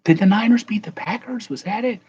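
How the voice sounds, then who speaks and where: A man's voice: sits high, fairly quick, a little mellow, slightly rough, highs cut off. A man hosting a casual live chat, rambling and correcting himself as he answers viewers. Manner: rambling, self-correcting, chuckling. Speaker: livestream host.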